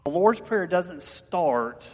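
A man's voice: high voice, lively intonation, slow, darkish tone, breathy edge. A man preaches a sermon, talking with his listeners and asking them questions, and he tells stories as he goes. His voice sits a bit above the usual male range. It rings with the long reverb of a large hall. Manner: conversational preaching with rhetorical questions and storytelling. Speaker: pastor.

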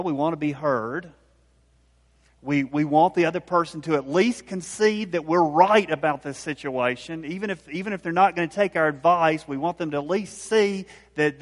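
A man giving a conversational sermon, retelling scenes with lively, animated voices and frequent restarts. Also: a little high, in a large hall. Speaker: pastor.

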